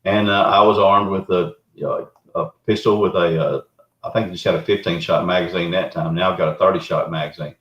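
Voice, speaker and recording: A man's voice: low voice, brisk. A middle-aged man with a Southern US accent, a Bigfoot researcher and show guest, telling his story in a folksy, rambling way. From Arkansas, US. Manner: folksy, rambling, animated retelling. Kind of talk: casual storytelling. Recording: roomy, dull lo-fi remote audio.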